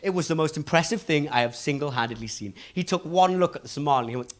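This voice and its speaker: A man's voice: on the high side, fast talker, few pauses. English male stand-up comedian. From England. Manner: confessional storytelling with crowd asides. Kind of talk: stand-up set.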